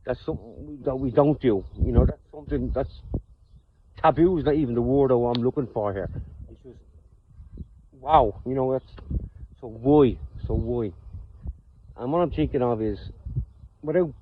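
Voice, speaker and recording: An Irish man talking off the cuff outdoors in a personal vlog, halting and often repeating and restarting his words. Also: mid-range voice, slight background noise. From Ireland. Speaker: vlogger. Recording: tinny phone-like sound.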